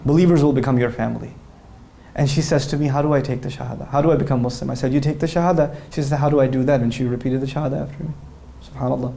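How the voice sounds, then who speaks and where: A man speaking in an interview with a warm, mellow voice. He talks in an earnest, animated way and tells stories through quoted dialogue. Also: medium pitch, rapid-fire, gravelly.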